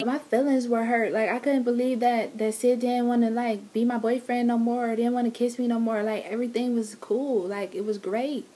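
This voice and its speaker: A woman's voice: a little high, fairly even intonation, moderate pace, few pauses, warm tone. A woman vlogger casually telling her love story, teasing and laughing with her partner.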